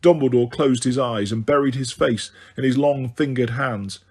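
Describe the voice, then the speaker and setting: Husky-voiced man narrating a novel. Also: mid-range voice, normal speed, darkish tone. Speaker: audiobook narrator. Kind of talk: scripted narration.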